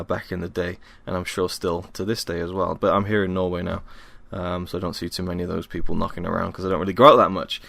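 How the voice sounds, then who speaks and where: Deep-voiced tired young man rambling. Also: vocal fry, a bit bright, no echo. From Wales. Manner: rambling, self-deprecating, many ums. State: tired after a workout. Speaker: podcast host. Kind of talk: casual solo podcast monologue. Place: home.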